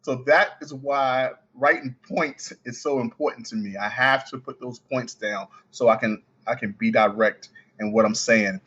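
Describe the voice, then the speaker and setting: A man with a Baltimore accent, a coin ring artist talking as a guest on a podcast, speaking quickly with the odd stutter and restart. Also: mid-range voice, a bit bright, breathy edge, muffled recording. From Baltimore, United States. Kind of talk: casual podcast interview.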